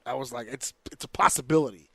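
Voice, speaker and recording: A man co-hosting a casual wrestling podcast, ranting excitedly and swearing often. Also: medium pitch, fast, vocal fry, slightly rough, no echo. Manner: animated, profane, rants excitedly. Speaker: podcast co-host.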